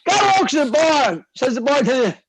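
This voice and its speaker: A man telling a string of jokes, switching into quick character voices and laughing at his own punchlines. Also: very high-pitched, very animated, vocal fry, crowd noise. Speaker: stand-up comedian. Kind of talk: joke telling.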